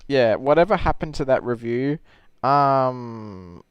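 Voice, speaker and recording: A man's voice: mid-range voice, clean tone, dry recording, muffled recording. A man hosting a casual Q&A stream, chatting with a friend and laughing easily. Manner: laughs easily, quick and animated. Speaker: host. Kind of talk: casual chat during a livestream Q&A.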